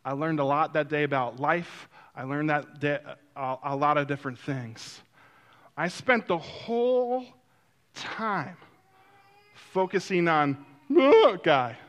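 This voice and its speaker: A man telling a personal story in a sermon-like way, acting out quotes and then turning soft and reflective. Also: a little high, takes it slowly. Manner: animated, acts out quotes, drops to a soft reflective tone.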